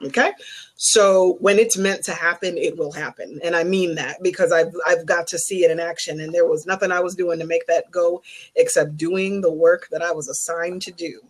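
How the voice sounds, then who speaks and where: A woman who works as a psychic and Reiki master, telling a candid, animated story in a casual group video chat. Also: fairly low pitch, moderate pace, slightly rough, rough recording.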